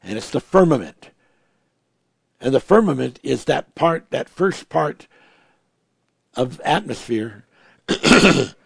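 A man preaching a sermon, moving between hushed, reverent asides and emphatic, raised passages as he quotes and explains scripture. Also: mid-range voice, creaky, breathy edge, no echo.

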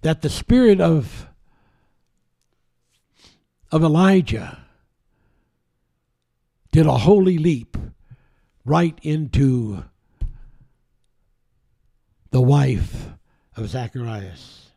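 A man delivers a sermon in a gravelly, mellow voice, reading scripture and then unpacking it. He talks slowly and deliberately, pausing and restarting, his pitch rising and falling widely as he leans into key words. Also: expressive. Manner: reads scripture aloud and explains it, halting restarts, dramatic slowing on key words. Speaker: preacher.

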